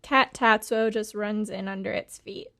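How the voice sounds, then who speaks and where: A woman's voice: mid-range voice, steady tone, unhurried, vocal fry, a bit bright. A woman playing a tabletop game, speaking casually and with a giggly energy. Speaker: player. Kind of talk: casual in-character play.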